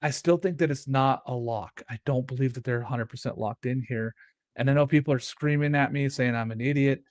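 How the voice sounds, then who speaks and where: A man co-hosts a college baseball show, keeping the sports chat casual and animated, laughing often and acting out quoted reactions. His voice is mid-range and brisk, with no room sound.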